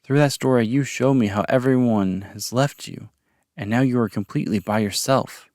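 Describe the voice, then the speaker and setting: A man's voice: mid-range voice, normal speed, darkish tone, no room sound, clean studio sound, close to an everyday voice. A man voicing an earnest young male captive who speaks carefully and sincerely as he tries to befriend his captor.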